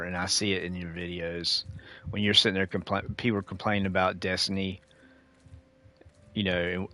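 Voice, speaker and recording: A man's voice: deep voice, pushed and bright. A middle-aged man ranting casually to his viewers while gaming, preachy and lecturing, calling them dude and y'all. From United States. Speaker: gaming streamer.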